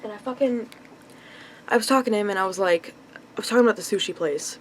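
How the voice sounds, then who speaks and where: A young woman ranting in a casual vlog into her phone, rambling with lots of fillers and swearing, clearly frustrated. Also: mid-range voice, quick pace, a little hiss or hum, poor audio. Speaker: vlogger. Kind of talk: casual confessional vlog rant.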